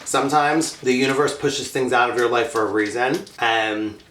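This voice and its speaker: A man's voice: mid-range voice, normal speed, a bit bright, reverberant, a little hiss or hum. Chatty man vlogging with his mouth full. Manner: chatty, laughing, talking while eating candy. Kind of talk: casual mukbang chat.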